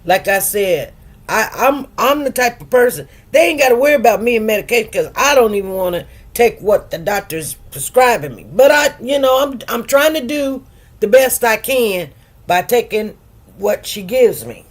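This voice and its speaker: A woman's voice: on the high side, lively intonation, normal speed. A woman in her fifties hosting a livestream, chatting casually with viewers in a rambling, laughing way. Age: 50s. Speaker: livestream host.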